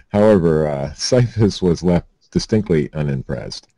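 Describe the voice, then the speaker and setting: A man with a very low, mellow voice reads quirky news stories aloud on a comedy podcast. He adds self-mocking asides between the quoted passages. The sound is close and dry. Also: lively intonation, measured pace, gravelly, dry recording. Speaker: podcast host reading news items.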